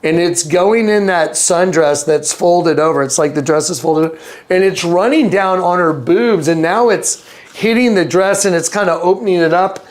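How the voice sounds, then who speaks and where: A man being interviewed, telling a story in an animated way, acting out the voices and laughing as he goes. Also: normal speed. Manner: acts out quotes with big pitch jumps and laughter. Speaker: interview guest.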